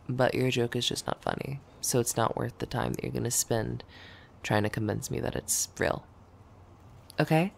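A woman performing a scripted audio role-play as a blunt, sarcastic office coworker who curses and grudgingly softens. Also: extremely low pitch, vocal fry, full character voice. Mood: sarcastic, dismissive. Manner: dry, dismissive teasing that turns grudgingly gentle.

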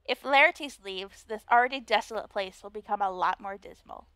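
A woman's voice: mid-range voice, normal speed, a bit bright, no room sound, natural voice. A woman voicing a snobbish young noblewoman, a mean girl with a put-on Valley Girl accent. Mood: sneering. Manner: sneering, drawling.

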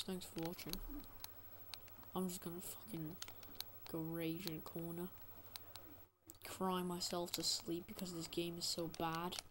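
A man's voice: high-pitched, noisy background. Man ranting angrily over gameplay. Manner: profane, exasperated ranting. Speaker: gaming channel host. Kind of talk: angry gameplay commentary rant.

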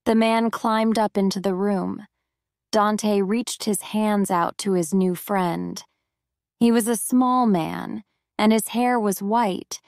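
A woman narrating a story for English learners in a clear, deliberate way. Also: medium pitch, steady tone, darkish tone, dry recording, studio quality.

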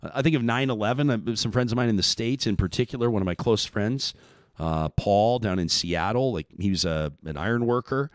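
Low-voiced male talk host. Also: brisk, dry recording, clean studio sound. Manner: rambling, thoughtful, with frequent restarts. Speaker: radio talk show host. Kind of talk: casual talk radio chat.

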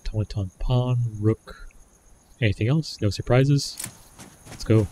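A man gives casual running commentary while playing a survival game, talking himself through each choice. His medium-pitched voice is mellow and a little slow, with slight background noise.

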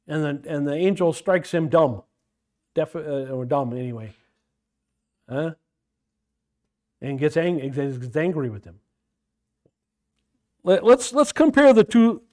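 A man teaching a Bible study class, his voice sitting a little high and swinging widely in pitch. He questions the group constantly and repeats phrases as he drives a point home. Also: animated, slow, pauses often.

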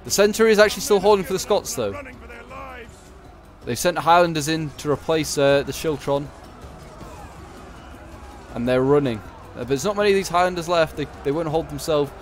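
A man's voice: a little high, normal speed, pauses often, soft background music. Chatty man commentating a game. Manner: chatty, thinking aloud with frequent fillers. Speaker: gaming commentator.

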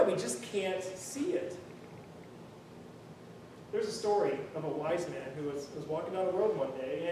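A man delivers a sermon in a relaxed, earnest, conversational way, full of restarts. His voice sits fairly high for a man. The recording is distant and very reverberant, with faint noise behind. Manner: conversational, earnest, with many restarts and "you know". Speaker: preacher. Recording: very echoey room, far from mic, faint noise.

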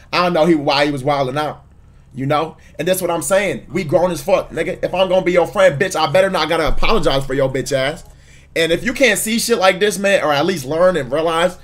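Brief: slightly high-voiced man, easygoing slangy streamer commentary. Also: a bit bright. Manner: laid-back, profane, slangy, talks to chat. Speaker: streamer reacting to a clip. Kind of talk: casual reaction commentary.

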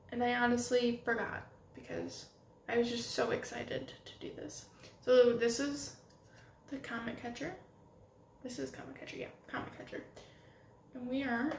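A young woman talks her way through a makeup tutorial at home, gushing and excitable as she works. Her voice sits a little high. The room sounds roomy and echoey, with a faint ambient hum underneath. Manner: gushing and excitable, talking while applying makeup. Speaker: beauty vlogger. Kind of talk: casual makeup tutorial chat. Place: home room with setting sunlight.

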